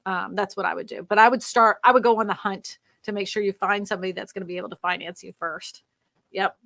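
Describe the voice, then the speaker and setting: A woman's voice: medium pitch, fairly even intonation, quick pace, vocal fry, a bit bright, dry recording. A woman hosting a real estate live stream. She reads viewer comments aloud and answers them in an emphatic, ranting way, laughing often.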